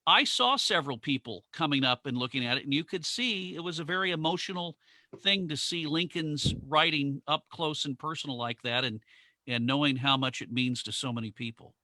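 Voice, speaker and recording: A man's voice: on the high side, fairly quick, bright, forceful tone, no echo. A man hosting a museum's live online Q and A, talking in a friendly, conversational way and reading out viewer questions. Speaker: museum livestream host.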